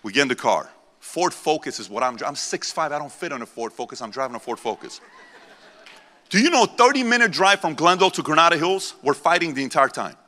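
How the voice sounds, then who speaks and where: A man's voice: on the high side, animated, a little fast, bright, forceful tone. A man in his forties giving a live motivational speech to a crowd in a convention center, intense and preachy, repeating lines for emphasis. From born in Iran, raised in the United States. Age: 40s. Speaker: motivational keynote speaker. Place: large convention center hall. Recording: long hall reverb from a large venue.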